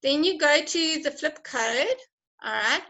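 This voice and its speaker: A South African woman teacher with a bright, high voice leads an online class lesson, animated and a little slow, encouraging and chatty and laughing often. The recording is low quality.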